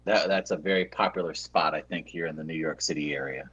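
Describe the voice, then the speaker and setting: A man co-hosting a podcast remotely, cracking dry, deadpan jokes. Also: rumbling low, fast, breathy edge. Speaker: podcast co-host. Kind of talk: casual podcast banter. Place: calling in from New York.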